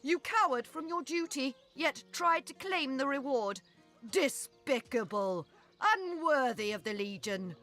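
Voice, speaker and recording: A proud army lieutenant. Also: female voice, sits high, expressive, bright, forceful tone, faint music behind, full character voice. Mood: commanding. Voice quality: brisk, commanding. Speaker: military lieutenant. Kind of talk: voiced video game dialogue.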